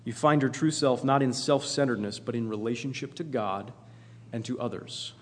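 A man's voice: medium pitch, normal speed. A man preaching a sermon in an earnest, emphatic way, often repeating himself for emphasis. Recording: long hall reverb.

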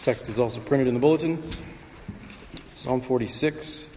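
A male pastor giving a sermon in a measured, conversational way, pausing with fillers and clearing his throat. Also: medium pitch, background noise. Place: church sanctuary. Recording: long reverb of a church hall.

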